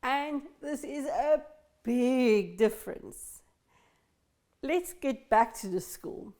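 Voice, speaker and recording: Slow, careful woman teaching English. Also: high voice, expressive, darkish tone. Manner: slow, careful, stressing sounds clearly. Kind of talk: English lesson for learners.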